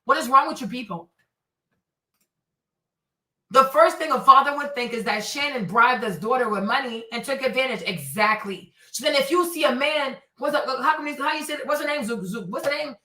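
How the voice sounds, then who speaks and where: A bright-voiced woman hosts a celebrity commentary show, animated and exasperated as she roasts her targets and drops in Spanish phrases. Her voice sits a little high. The sound is roomy and heard from a bit away from the mic. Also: normal speed, recorded from a distance.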